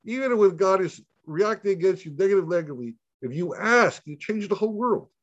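A high-pitched man speaking briskly in a dry, dull lo-fi recording. As a rabbi giving a relaxed Torah lesson, he tells stories animatedly, playing out the dialogue and repeating things over and over.

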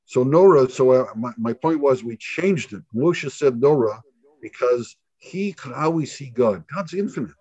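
Fairly high in pitch and breathy at the edges, this man's voice has no echo and a dull lo-fi quality. He's a rabbi leading an informal Torah lesson, an animated storyteller who acts out exchanges with many repeats.

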